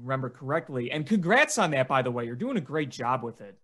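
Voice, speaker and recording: A man's voice: medium pitch, sing-song, quick pace, fairly bright tone. A man co-hosting a podcast in a casual, good-humored way. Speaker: podcast co-host. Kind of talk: casual chat.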